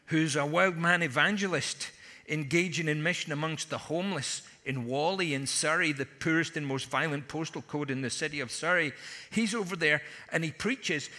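Preacher, bright ringing voice. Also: male voice, fairly high pitch. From Scotland. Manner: humorous storytelling with punchy asides. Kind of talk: conference sermon. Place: large conference hall. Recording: long hall reverb.

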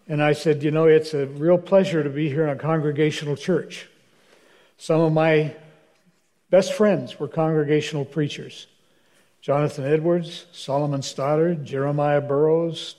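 A man's voice: on the high side, dark tone. An older man, a minister, telling wry anecdotes at a church question-and-answer session, acting out the dialogue. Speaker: guest speaker, minister. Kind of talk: storytelling in a church Q&A. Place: church hall.

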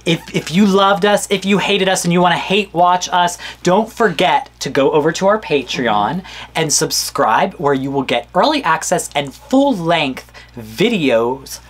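Deep-voiced, gushing woman podcast co-host. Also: animated, a little slow. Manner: gushing, slangy and hyped. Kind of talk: casual podcast chat.

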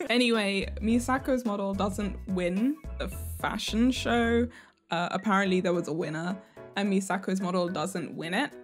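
A woman's voice: mid-range voice, normal speed, soft background music. Giggly chatty woman vlogger. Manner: giggly, chatty, laughs often. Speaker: fashion vlogger. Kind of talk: casual chat.

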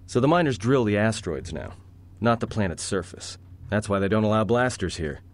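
A man doing a gruff, wisecracking rogue. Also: lively intonation, a little fast, natural voice. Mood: sardonic. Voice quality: low and gruff. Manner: wry, cocky, dry jokes. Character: sarcastic roguish young man prisoner. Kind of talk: video game voice acting. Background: game music.

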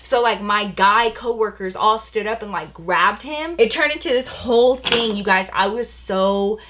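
A woman's voice: mid-range voice, moderate pace, a bit bright. A young adult woman chatting casually as she tells a personal story, with lots of "like" and "you know". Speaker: beauty vlogger.

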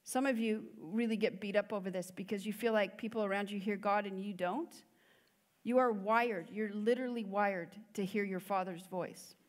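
A woman's voice: medium pitch, fairly even intonation, moderate pace. A woman giving a sermon as a guest preacher, in an earnest, conversational way with many fillers. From United States. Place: church hall. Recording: long church hall reverb.

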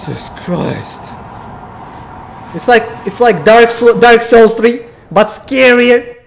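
A man's voice: very high voice, fairly even intonation, a little slow, slight background noise. A young man playing a horror game, talking to himself and his viewers, jumpy and swearing. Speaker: gamer.

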